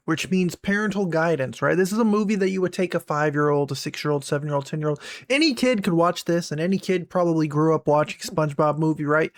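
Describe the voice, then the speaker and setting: A man's voice: sits high, dry recording. A young man ranting in a sarcastic, mocking commentary voice. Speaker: commentary YouTuber.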